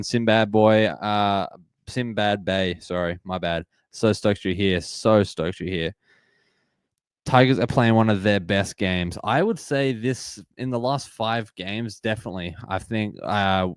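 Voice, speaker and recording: A man in his twenties with an Australian accent, hosting a live sports watch-party stream and chatting excitedly while reading out and greeting viewers from the chat. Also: lowish voice, smooth, dry recording. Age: 20s. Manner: upbeat, reads and greets chat viewers, repeats phrases. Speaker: livestream host.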